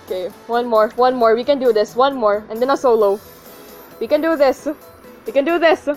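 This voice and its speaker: A woman's voice: a little high, moderate pace, darkish tone, soft background music. A young woman reacting to her mobile game pulls, pleading and shrieking at the screen. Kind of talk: gacha pull reaction commentary.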